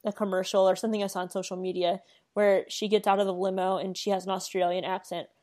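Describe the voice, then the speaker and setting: A young woman co-hosts a casual chat, quick to question her partner and set him straight. She talks plainly, with a teasing edge. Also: mid-range voice, flat delivery, a little mellow. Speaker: co-host. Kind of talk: casual chat about reality TV.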